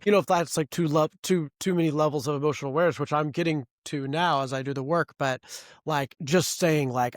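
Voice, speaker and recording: A man's voice: mid-range voice, quick pace, no room sound, clean studio sound. A man hosting a podcast, talking candidly and reflectively about himself, rambling a little with restarts. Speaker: podcast host. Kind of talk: casual interview talk.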